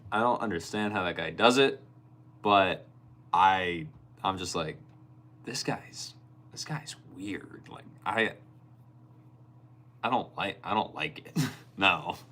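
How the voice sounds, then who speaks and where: A young man with a low voice, hosting a casual live stream. He reads out his viewers' comments and answers them by name, and sometimes gets animated while telling a story. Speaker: livestreamer reading chat.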